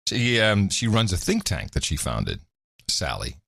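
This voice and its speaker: A man's voice: low voice, huge pitch swings, a little slow, creaky, a bit bright, husky, dry recording. A man who grew up in Europe, co-hosting a podcast in a casual, playful chat with lots of laughter. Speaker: podcast co-host.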